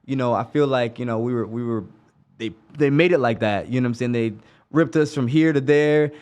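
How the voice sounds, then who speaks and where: A man from Jamaica hosting a casual podcast chat, relaxed and quick with short affirmations. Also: medium pitch, smooth. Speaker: podcast host.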